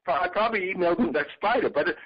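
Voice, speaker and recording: A man being interviewed, an exhibit designer who tells lively anecdotes and acts out the people he quotes. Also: sits high, rapid-fire, slightly rough, no echo. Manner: animated storyteller, acts out quotes. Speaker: interview guest. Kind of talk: casual interview. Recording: dry, muffled audio.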